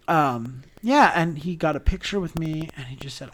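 A young man hosting a podcast, telling stories in an animated, chatty way with many ums. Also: on the high side, moderate pace, a little hiss or hum. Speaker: podcast host. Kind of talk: casual storytelling chat.

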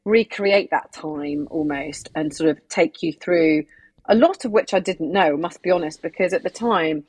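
A woman with a lowish, husky voice co-hosts a podcast, chatting enthusiastically about a TV drama. Her voice is recorded dry and close. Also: normal speed, a little mellow, no echo. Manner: enthusiastic, conversational. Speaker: podcast co-host. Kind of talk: casual review chat.

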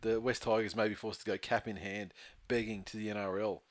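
A man's voice: on the low side, little pitch movement, fairly quick, dry recording. A man co-hosting a sports podcast, talking in a blunt, argumentative, sweary way. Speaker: podcast co-host. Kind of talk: casual sports chat.

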